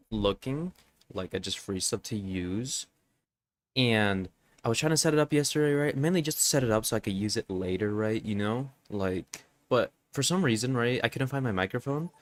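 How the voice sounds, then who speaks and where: A man with a low, stuffed-up voice chats casually to his viewers while streaming a game. He rambles and leans on constant fillers, checking in with his audience after nearly every phrase. He talks into a desk microphone with a noise filter on. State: congested. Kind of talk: casual live-stream chat.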